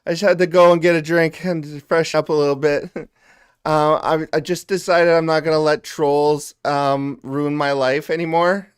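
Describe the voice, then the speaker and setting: A sobbing, whiny streamer in falsetto. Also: male voice, very animated, brisk, vocal fry. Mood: fake cheerful. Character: weepy oversensitive young streamer, easily hurt. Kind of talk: mocking parody.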